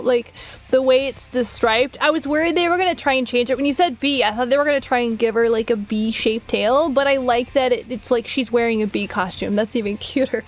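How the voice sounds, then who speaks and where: A young woman streaming live, chatting casually to her viewers, giggly and gushing, swearing now and then while she thinks out loud. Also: high voice. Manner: thinks aloud while searching on her computer. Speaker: art streamer.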